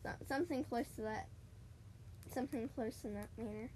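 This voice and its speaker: A woman chatting casually while she plays a video game, excitable and talking straight to her listeners. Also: high voice, normal speed. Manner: chatty and excitable, keeps addressing "guys". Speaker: gaming podcaster. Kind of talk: casual gaming commentary.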